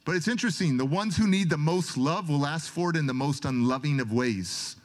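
Male motivational speaker, high voice, dramatic storytelling delivery. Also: a little fast. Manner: storytelling, dramatic, swings from loud to soft. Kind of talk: emotional motivational speech.

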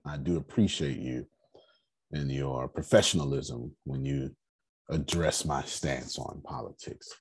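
A man with a rough, raspy voice hosts a relaxed group discussion. His voice sits low, and he speaks in a measured, emphatic cadence, leaning into each point. The tone stays steady and deliberate. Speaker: host.

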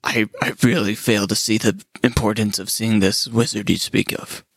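A man's voice: on the low side, fairly even intonation, normal speed, vocal fry, fairly bright tone, no echo. A man playing a tabletop game, stubborn and laughing in character. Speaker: player. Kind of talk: tabletop role-play.

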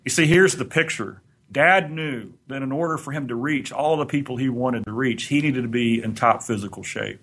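A man co-hosting a podcast, telling a long anecdote in a relaxed, rambling way. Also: medium pitch, moderate pace, hardly any pauses, husky. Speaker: podcast co-host. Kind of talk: anecdotal storytelling.

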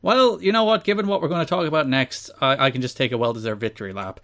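A man's voice: mid-range voice, fast talker, a bit bright. A man hosting a podcast in casual chat, boastful and teasing his co-host.

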